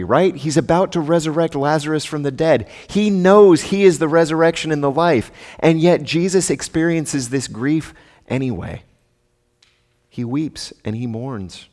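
A man's voice: medium pitch, a little mellow. A man giving a sermon as pastor, speaking conversationally with rhetorical asides to his congregation. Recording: long reverb of a large hall.

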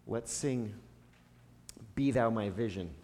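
A man's voice: lowish voice, slow. A man giving a sermon in a conversational, storytelling way. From United States. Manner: conversational preaching with a personal story, some restarts and soft laughs. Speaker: pastor. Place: church sanctuary. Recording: echoey church hall, faint ambience.

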